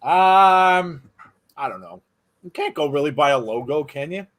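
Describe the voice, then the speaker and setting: A man's voice: fairly high pitch, expressive, a little slow, fairly bright tone. A man hosting a live wrestling watch-along in casual commentary, chatty and jokey, reading viewer comments aloud.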